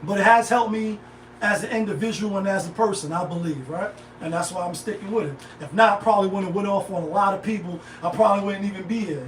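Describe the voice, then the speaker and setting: A middle-aged man hosts a casual live stream and drifts from one thought to the next in heavy slang. His voice sits high and carries room echo, picked up by a phone set a bit away from him. There is a faint hiss underneath. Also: distant mic. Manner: rambling, digressive, heavy slang and filler. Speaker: livestream host. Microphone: phone set back from the speaker. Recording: echoey room, voice off-mic.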